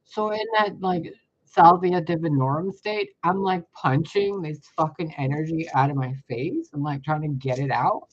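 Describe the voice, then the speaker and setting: Husky-voiced man telling a profane story. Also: a little high, normal speed, highs cut off. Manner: animated, profane, laughs often mid-story. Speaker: spiritual vlogger. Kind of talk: casual storytelling to camera.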